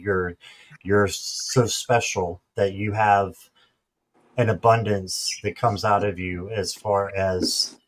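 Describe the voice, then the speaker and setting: A man's voice: on the low side, rough recording. A man guesting on a tarot stream, reading cards in a chatty, friendly way. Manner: warm, chatty, laughs at his own mispronunciations.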